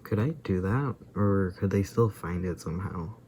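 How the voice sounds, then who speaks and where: A man's voice: deep voice, normal speed, slight background noise. A weary man vlogging in a rambling casual monologue, sighing and sometimes dropping to a whisper. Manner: tired, drifts into soft whispers and sighs.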